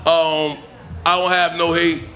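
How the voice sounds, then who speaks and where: A man's voice: a little high, flat delivery, slow pace, bright, forceful tone. A man doing stand-up on a comedy club stage, talking conversationally and tossing in punchy asides. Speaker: stand-up comic. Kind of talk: stand-up storytelling.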